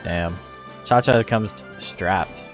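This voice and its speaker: A man's voice: deep voice, drawn-out words, soft background music. Laid-back, swearing man commentating a game. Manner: loose and joking, swears freely; rambling, heavy use of "like". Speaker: tournament commentator. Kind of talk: casual live-stream game commentary.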